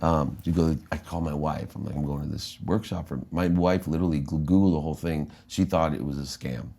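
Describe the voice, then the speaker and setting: An American man, a guest in an interview, telling an animated story about his life and acting out the dialogue. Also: extremely low pitch, fairly quick, gravelly. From United States.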